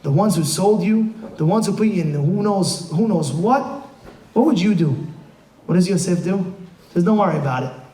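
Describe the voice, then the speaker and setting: A man, a rabbi, giving a motivational sermon to a room full of people, emphatic, dropping low for asides and then shouting rhetorical questions. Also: lively intonation, normal speed. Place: room with a live audience. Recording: echoey room.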